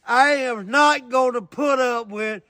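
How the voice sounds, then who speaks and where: A man's voice: extremely high pitch, slow pace, bright, forceful tone, no echo, studio quality. A man being interviewed as a football fan, indignant and blurting out his complaints. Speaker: upset football fan in a clip. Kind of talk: emotional on-street interview.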